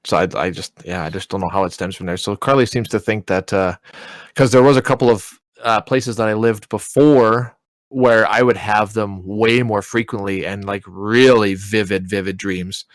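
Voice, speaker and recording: A man's voice: on the low side, normal speed, no room sound. A man, casually telling a long story on a podcast, rambling with lots of "like" and "you know.". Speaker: podcast co-host.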